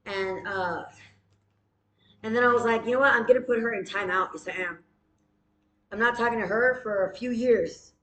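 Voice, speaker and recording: A woman doing a rambling comic improv monologue, silly and swearing, with deadpan asides and quick self-corrections. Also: on the high side. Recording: roomy echo.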